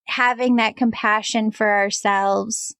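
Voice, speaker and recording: A woman's voice: medium pitch, fairly even intonation, slow pace, a bit bright, clean tone, no echo. A woman hosting a spiritual podcast, speaking in an affirming, reflective way. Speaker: podcast host, medium. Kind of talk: podcast conversation.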